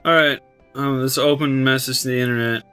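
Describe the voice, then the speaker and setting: A man's voice: medium pitch, fairly even intonation, fairly quick, bright, forceful tone, clear, resonant tone. A young man co-hosting a let's play, teasing his partner and joking goofily. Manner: goofy, teasing. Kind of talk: casual gameplay chat. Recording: faint game music behind.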